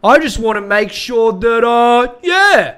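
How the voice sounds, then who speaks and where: A man's voice: very high voice, animated, takes it slowly, fairly bright tone, smooth, pitched above the performer's own voice, full character voice. A man voicing a sleazy, flirting male coworker who giggles and stammers through flimsy excuses. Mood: flustered excuses.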